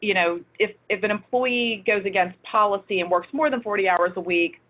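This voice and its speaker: A woman's voice: medium pitch, a little fast. A woman presenting a webinar, explaining the steps in a practical, conversational way, with frequent fillers and restarts. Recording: tinny phone-like audio.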